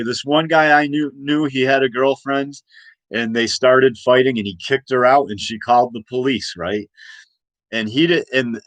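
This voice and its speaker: A man's voice: mid-range voice, fairly bright tone, no echo, poor audio. A man in his forties ranting in a late-night monologue, rambling and agitated with many restarts and repeated questions. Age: 40s. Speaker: host.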